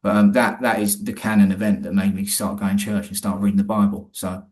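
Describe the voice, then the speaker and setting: A man's voice: on the low side, flat delivery, fairly quick, darkish tone. A man, a guest in an interview, telling a personal story in a rambling, colloquial way with many restarts.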